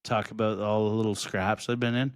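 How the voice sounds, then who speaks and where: Man, low voice, dry close sound, profane, laughing storyteller, casual podcast chat. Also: flat delivery, brisk, smooth, dry recording. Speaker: comedian podcast co-host.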